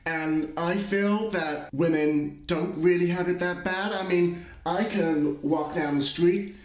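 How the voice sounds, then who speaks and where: A ditzy young woman rambles and hesitates, her voice pitched up and light, as a man puts her on. Her talk is full of fillers and halting restarts. The recording carries a noticeable roomy echo. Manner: hesitant, filler-heavy valley-girl talk.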